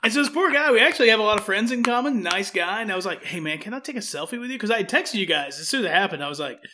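A man with a high, bright voice spins a rambling, self-deprecating story on a casual podcast. He keeps acting out little quoted lines as he goes. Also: expressive, very fast, a little hiss or hum.

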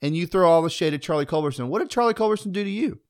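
A man's voice: high voice, animated, very fast, darkish tone, no room sound, clean studio sound. A man co-hosting a casual sports podcast, playfully indignant in banter. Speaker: podcast co-host.

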